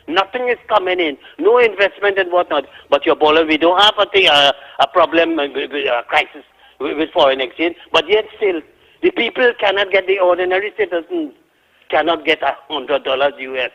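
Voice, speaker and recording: A man's voice: on the high side, expressive, a little fast, fairly bright tone. Heated Trinidadian man on a phone line. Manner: heated, indignant. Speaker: caller. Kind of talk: call-in radio rant.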